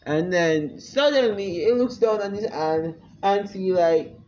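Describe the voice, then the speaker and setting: A man's voice: high voice, a little slow, a little mellow. A man casually narrating an improvised fan story at home, rambling with fillers and giggles. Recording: lo-fi with background noise.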